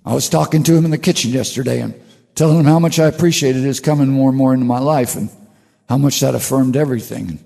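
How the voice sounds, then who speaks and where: An older man hosting his own show, talking slowly through a reflective spiritual monologue with halting restarts. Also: mid-range voice, vocal fry, mellow, long reverb tail. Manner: slow, musing, with halting restarts. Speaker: radio show host.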